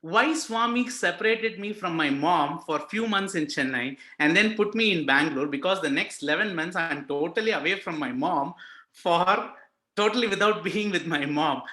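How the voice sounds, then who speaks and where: A man's voice: a little high, sharp tone, echoey room. A young Indian man with an Indian accent sharing a personal devotional story, earnest and emotional, with many fillers. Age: young adult. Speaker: speaker sharing a personal experience. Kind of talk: devotional testimony talk.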